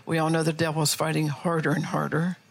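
A woman's voice: deep voice, flat delivery, fast talker, vocal fry, a little hiss or hum. A middle-aged woman pastor preaching earnestly, asking her listeners rhetorical questions. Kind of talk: sermon.

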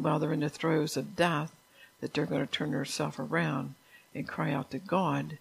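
An older woman leads an informal Bible study in a fairly low, creaky voice with a breathy edge. She is chatty and testimonial, sharing personal stories and putting questions to the group.

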